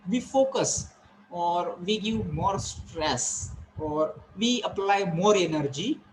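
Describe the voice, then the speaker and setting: A male lecturer teaching a class, explaining slowly with many fillers and restarts. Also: sits high, lively intonation, slight background noise, rough recording. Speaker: college lecturer.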